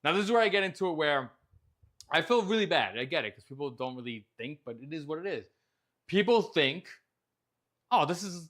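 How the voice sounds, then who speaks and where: A man's voice: on the high side, expressive, fairly quick, pauses often, a bit bright. A man, hosting a casual chat show and telling a story with a lot of animation and frequent swearing. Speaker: host.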